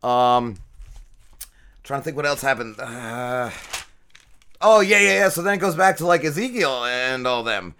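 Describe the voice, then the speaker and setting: Bright-voiced man rambling a casual recap. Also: medium pitch, lively intonation, unhurried, pauses often, slight background noise. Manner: rambling, profanity-heavy episode recap full of fillers. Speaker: podcast co-host. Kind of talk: casual chat.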